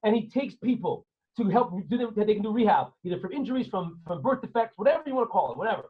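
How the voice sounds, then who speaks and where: Rabbi guy teaching kids online, highish husky voice, kinda muffled lo-fi audio, tells stories and keeps asking questions. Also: quick pace. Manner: animated, asks listeners questions, acts out scenes. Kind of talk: storytelling lesson to students. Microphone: video call.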